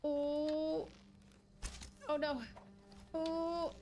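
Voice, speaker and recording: A young woman on a live game stream with a high voice and an unhurried way of talking. She chats playfully with her viewers and reacts loudly to what happens on screen. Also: flat delivery, music in the background.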